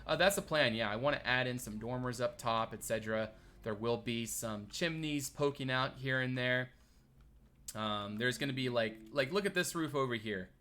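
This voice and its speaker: Bright-voiced man chatting while he builds. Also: mid-range voice, normal speed. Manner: rambling, thinks aloud, reads and answers chat. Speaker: streamer. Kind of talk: casual live-stream commentary while building.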